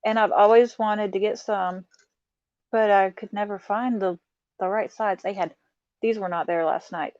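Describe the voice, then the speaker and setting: A woman's voice: mid-range voice, fairly even intonation, normal speed, a little mellow, no room sound. A middle-aged woman, chatting casually on a live stream as she shows off a craft haul, laughing often and talking to her viewers. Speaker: livestream host showing a craft haul. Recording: dull, muffled lo-fi sound.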